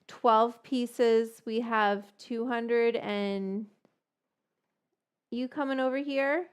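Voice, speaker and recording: Relaxed woman in her thirties hosting a home cooking vlog; slow, rambling, conversational, with cooing asides to a pet. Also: fairly high pitch, smooth. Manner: chatty, rambling, baby-talks to her dog. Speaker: cooking show host. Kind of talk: casual cooking vlog chat.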